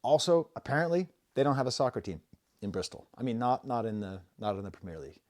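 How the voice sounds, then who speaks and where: A middle-aged man hosts a casual music review video, rambling through his points with self-deprecating jokes. His voice is warm and mellow, sitting at an ordinary pitch. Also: lively intonation, fast talker. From United States.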